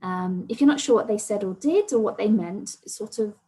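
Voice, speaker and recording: A woman presenting an online training session, explaining patiently and often softening points with "sort of" and "kind of". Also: mid-range voice, expressive, moderate pace, poor audio.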